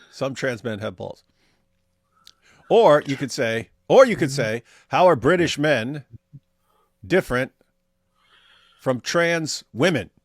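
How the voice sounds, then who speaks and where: A man's voice: medium pitch, no room sound, studio quality. A man co-hosting a casual livestream, reading viewer chat aloud with sardonic humor. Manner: sardonic, mock voices for quoted viewers.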